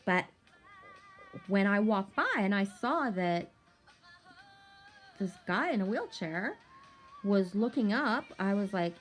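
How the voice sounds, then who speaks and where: A woman's voice: medium pitch, lively intonation, takes it slowly, long pauses, soft background music. A woman telling a rambling personal story in a casual vlog, swearing freely and talking animatedly.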